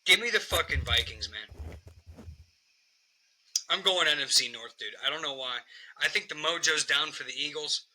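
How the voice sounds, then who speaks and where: Male podcast host, very bright voice, loose and profane sports banter. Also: fairly high pitch, normal speed, pauses often, poor audio. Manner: profane, animated football picks.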